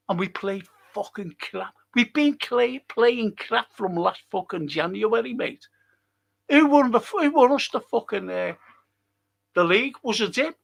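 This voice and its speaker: A high-pitched, gravelly voice with a fairly bright tone belongs to a man hosting a fan stream. He reads the chat aloud and rants at it, furious, combative, and swearing heavily.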